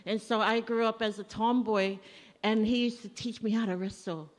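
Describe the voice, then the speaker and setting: A woman's eulogy for her father echoes through a church hall at a family funeral service. Her voice is on the high side, steady and moderately paced as she recounts stories in a conversational way, voicing the dialogue she remembers.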